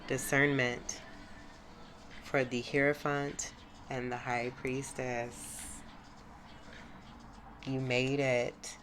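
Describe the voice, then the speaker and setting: A woman's voice: a bass voice, flat delivery, extremely slow, pauses often, noisy background. A woman giving a spiritual tarot reading to her viewers, effusive, exclamatory and encouraging. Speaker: tarot reader. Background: music.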